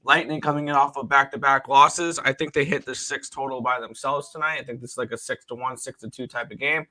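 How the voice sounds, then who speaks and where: A man's voice: mid-range voice, steady tone, fairly quick, pushed and bright, poor audio. A man giving sports betting analysis as a guest on a video call. He is matter-of-fact and rattles off player names.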